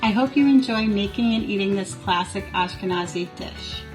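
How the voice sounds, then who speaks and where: A woman's voice: medium pitch, normal speed, music in the background, low-quality recording. A woman from the United States sharing a family recipe in a friendly, scripted recorded message. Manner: clear, friendly, reads from a script. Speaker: guest contributor sharing a recipe.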